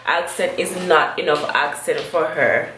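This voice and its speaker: A woman's voice: deep voice, a little slow. A woman with a Caribbean accent bantering with a friend, playful and teasing. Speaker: friend on the trip. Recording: echoey phone recording with background noise.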